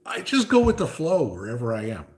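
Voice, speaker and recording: A man's voice: medium pitch, wildly swooping pitch, fairly quick, a little mellow. A man hosting a casual livestream, reading viewer comments and chatting, with frequent "okay?" asides. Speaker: livestream host reading chat.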